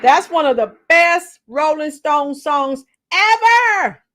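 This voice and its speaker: Speaking slowly with lively intonation, this fifties-aged schoolteacher hosts a casual livestream, chatting with viewers, reading their messages, and sometimes bursting into song. Her voice sits high and sounds fairly bright.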